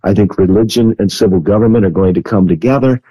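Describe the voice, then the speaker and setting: A man being interviewed, answering at length in a measured, earnest way with frequent hesitations. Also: lowish voice, dark tone, breathy edge, dry recording, low-quality recording. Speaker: guest. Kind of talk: interview answer on biblical prophecy.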